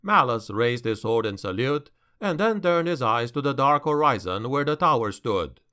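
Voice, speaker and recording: A man narrating a dark fantasy audiobook in a measured, dramatic way. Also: medium pitch, expressive, clear, resonant tone.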